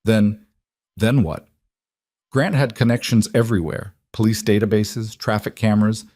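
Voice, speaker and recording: A man reading a dramatic story as narrator in an even, measured way. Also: on the low side, dry recording, studio quality. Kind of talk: scripted narration.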